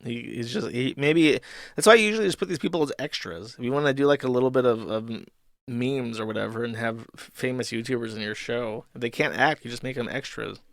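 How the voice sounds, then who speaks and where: A man's voice: mid-range voice, vocal fry, a bit bright, no echo, studio quality. A man hosting a livestream, reading chat and forum comments aloud and reacting in a crude, mocking way.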